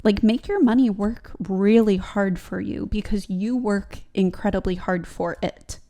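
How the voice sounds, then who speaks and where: A woman's voice: mid-range voice, a little slow, warm tone. A woman hosting a budgeting vlog, talking casually and rambling to her viewers with frequent "like"s and laughs. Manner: chatty, rambling, laughs often, fillers like "like". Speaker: budgeting channel host.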